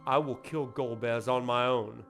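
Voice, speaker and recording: A man's voice: medium pitch, steady tone, measured pace, creaky, fairly bright tone, soft background music. Man reading as a stern old sage.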